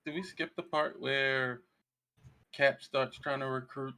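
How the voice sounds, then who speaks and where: Male co-host, mid-pitch, blunt and profane. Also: steady tone, measured pace, pushed and bright. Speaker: podcast co-host. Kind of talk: casual chat.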